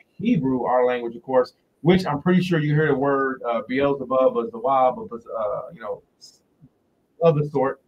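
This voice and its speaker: A man giving a casual religious teaching on a livestream, talking loosely and repeating words slowly, into a phone in front of him. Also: mid-range voice, recorded from a distance, dull audio. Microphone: phone directly in front of him.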